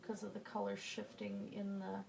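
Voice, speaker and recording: Woman w/ a bit of a southern accent talking thru a paint tutorial, kinda gravelly, faint hiss behind. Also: mid-range voice, monotone, normal speed, a little mellow. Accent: slight Southern US. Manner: chatty, thinks aloud while working, drops to murmurs. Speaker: painting instructor.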